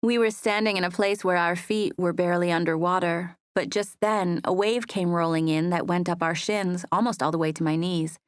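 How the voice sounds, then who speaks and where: A woman narrating a first-person romance audiobook in a soft, wistful manner. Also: on the low side, steady tone, normal speed, few pauses, smooth, no room sound, clean studio sound.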